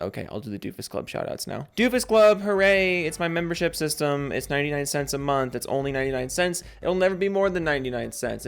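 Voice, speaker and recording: A man hosting a gaming commentary channel, ranting angrily and sarcastically with plenty of swearing, then reading out member shoutouts in a jokey way. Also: medium pitch, creaky. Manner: angry, sarcastic, profane, jokey.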